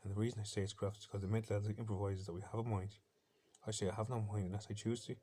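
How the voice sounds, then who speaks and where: A man's voice: fairly low pitch, flat delivery, rapid-fire, warm tone, a little hiss or hum. A man with an Irish accent delivering an intense, defiant, rambling personal monologue, with faint bird sounds from a laptop behind him.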